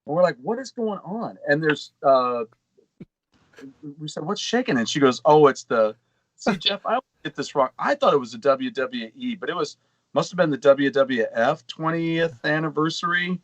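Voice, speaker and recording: A man's voice: on the high side, lively intonation, moderate pace, no room sound, poor audio. Dry-sounding man telling rambling stories. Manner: rambling anecdotal storyteller. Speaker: podcast co-host. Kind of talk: casual chat.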